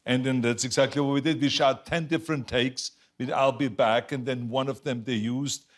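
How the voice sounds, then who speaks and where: A man's voice: mid-range voice, normal speed. Older guy w/ thick austrian german accent, chatty talk show guest, laughs a lot, acts out quotes. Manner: animated storyteller, acts out quotes, laughs often. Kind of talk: casual chat. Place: TV studio with audience.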